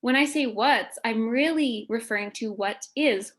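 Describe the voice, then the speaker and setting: A woman teacher giving a phonics lesson to children, speaking slowly and over-articulating each sound. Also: on the high side.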